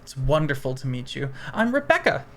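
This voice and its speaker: A man's voice: medium pitch, very animated, fairly quick, a bit bright, a little hiss or hum. A man voicing a cheerful, flirty female fairy cleric who loves the sun. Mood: bubbly.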